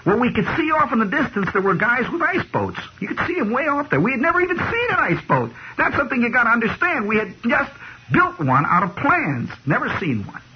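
A man spinning a yarn on the radio, his high voice swooping wildly with excitement. The sound is dull and lo-fi, with a steady hiss underneath. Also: fairly quick. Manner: animated, folksy, building to shouts. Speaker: radio storyteller. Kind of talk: spoken storytelling monologue. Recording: dull, hissy radio recording.

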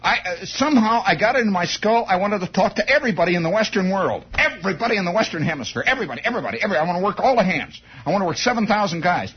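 An excitable man tells a comic anecdote in a high, husky voice, stammering and restarting as he builds momentum. The recording is muffled and lo-fi. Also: very fast, few pauses. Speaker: storyteller. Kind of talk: comic first-person anecdote.

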